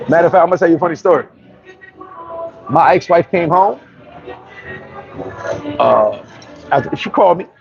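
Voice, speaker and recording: A man's voice: a little high, animated, normal speed, gravelly, pauses often, lo-fi sound, faint music behind. A man from New York telling brash, profane stories in a casual storytelling monologue as a vlogger.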